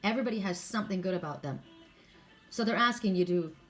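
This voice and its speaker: A woman's voice: mid-range voice, fast talker, a bit bright, soft background music. A middle-aged woman reading oracle cards, chatting earnestly and telling stories with many asides. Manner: chatty, earnest, storytelling with many "you know"s. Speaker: oracle card reader. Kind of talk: casual spiritual talk.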